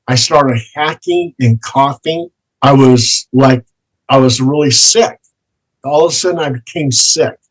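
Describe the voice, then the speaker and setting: A man who investigates the paranormal, telling ghost stories slowly and dramatically as an interview guest. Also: medium pitch, poor audio. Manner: slow, dramatic storytelling with drawn-out words. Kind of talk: storytelling in an interview.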